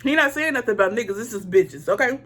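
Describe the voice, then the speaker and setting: A woman's voice: a little high, lively intonation, fast talker, a bit bright. A woman vlogger telling a story while doing her makeup, talking straight to her viewers in a blunt, profane, indignant way. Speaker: beauty vlogger.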